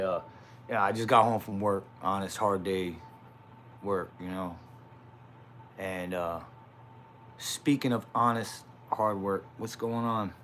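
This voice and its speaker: A man's voice: fairly low pitch, a bit bright, slight background noise. A young man talking casually on a livestream, rambling and swearing with self-mocking laughs. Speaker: live streamer.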